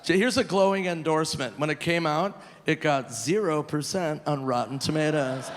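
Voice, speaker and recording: A man in his forties performing a live stand-up comedy set, animated and loose, breaking into squealing high voices for punchlines. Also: moderate pace. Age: 40s. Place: large theater stage. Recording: live venue with long reverb, faint noise.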